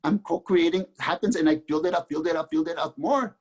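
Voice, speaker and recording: Husky earnest man telling his story. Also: fairly high pitch. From Mexico. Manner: earnest, halting with restarts. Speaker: guest author. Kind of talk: candid personal storytelling.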